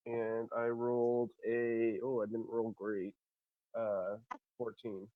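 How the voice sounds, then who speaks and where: A man's voice: medium pitch, monotone, slow pace, dry recording, narrow, tinny audio. A man playing in a tabletop role-playing game who talks hesitantly, with restarts and laughter. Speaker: player.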